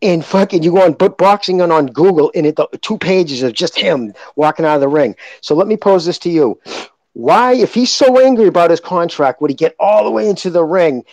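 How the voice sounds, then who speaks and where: A man's voice: fairly high pitch, lively intonation, fairly quick, a little mellow, no echo, poor audio. A man co-hosting a boxing podcast, arguing his point emphatically in casual chat, with frequent swearing. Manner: emphatic, argumentative, profane. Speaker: podcast co-host.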